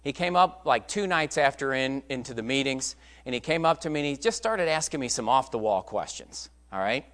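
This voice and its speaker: A male preacher delivers a sermon in a conversational, storytelling way. His pitch swings widely as he drives his points home. The delivery is emphatic and direct. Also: lively intonation, a little fast, few pauses, a bit bright.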